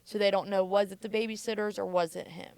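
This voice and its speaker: Vocal-fry woman telling her story. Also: medium pitch, fairly even intonation, fast talker, darkish tone, no room sound. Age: adult mother. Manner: casual, frequent filler "like". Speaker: podcast guest. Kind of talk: candid personal storytelling.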